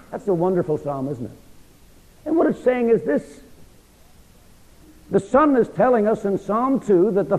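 Emphatic preacher in an echoing hall. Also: male voice, high-pitched, dark tone. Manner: quizzes listeners with "what?" pauses mid-verse; reads scripture slowly and emphatically. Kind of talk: expository sermon. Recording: dull recording in a large reverberant hall.

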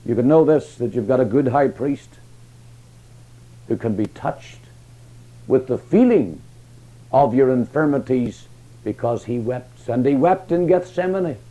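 A man preaching a sermon, passionate, with emphatic rises and hushed, quiet drops. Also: mid-range voice, dull audio.

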